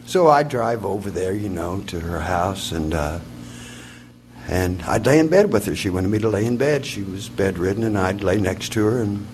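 A man's voice: fairly low pitch, animated, moderate pace, darkish tone, slight background noise. A man in his forties telling a long personal story in a rambling, folksy, wry way. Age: 40s. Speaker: singer-songwriter. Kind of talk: storytelling before a song.

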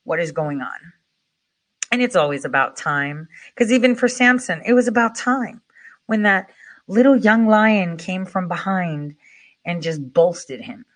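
A middle-aged woman hosting a podcast, talking in a casual, rambling monologue with fillers and mild swearing, her voice swinging up and down in pitch and loudness.

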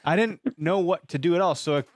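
A man's voice: a little high, fast, no room sound. Male podcast host from Wisconsin, casual rambling storyteller who swears a bit, dry close-miked sound. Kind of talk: casual chat.

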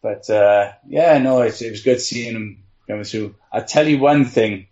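A man's voice: mid-range voice, normal speed, a little mellow, dull audio. A man, a team trainer, rambling through anecdotes in casual panel chat, with frequent laughs and "you know". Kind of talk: casual storytelling on a podcast panel.

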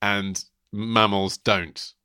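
A man co-hosting a podcast, explaining things in a quick, emphatic, chatty way. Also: lowish voice, fairly even intonation, sharp tone, clean tone, no echo, studio quality. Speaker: podcast co-host. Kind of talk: casual chat.

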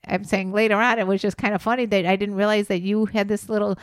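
A mother co-hosting a candid podcast with her adult son, reassuring and gently teasing him. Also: medium pitch, little pitch movement, quick pace, smooth, no echo, clean studio sound. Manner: reassuring, teasing, laughs easily. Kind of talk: candid family podcast chat.

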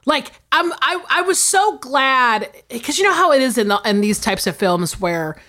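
A woman's voice: sits high, expressive, moderate pace, pushed and bright. A woman co-hosting a podcast, chatting casually and thoughtfully about films. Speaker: podcast co-host. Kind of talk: casual movie chat.

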